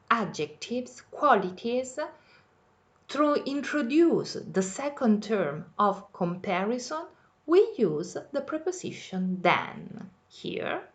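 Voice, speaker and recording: A woman with an Italian accent teaches English grammar, walking through each rule and then restating it in Italian. Her voice rises and falls a great deal as she explains. She speaks slowly and patiently. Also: mid-range voice. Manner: patient, repeats each point in two languages. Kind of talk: bilingual grammar lesson.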